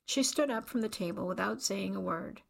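A woman narrates a novel in an even, measured way. Her mid-range voice carries a noticeable creaky, gravelly grain. The reading is steady and unhurried. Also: mid-range voice. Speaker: audiobook narrator. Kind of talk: scripted narration.

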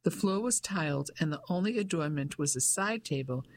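Audiobook narrator for a period mystery, even and steady delivery. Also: mid-range voice, normal speed.

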